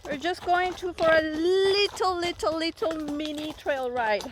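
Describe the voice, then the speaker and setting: A woman chatting excitedly and giggling while riding her horse outdoors, holding the camera. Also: extremely high pitch, measured pace, a little hiss or hum. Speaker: riding coach vlogger. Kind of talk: casual vlog. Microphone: handheld camera.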